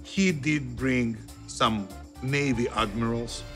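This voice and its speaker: A man of middle pitch looks back on events in a documentary interview. He speaks in a measured, matter-of-fact way, and faint music plays behind him. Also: a bit bright.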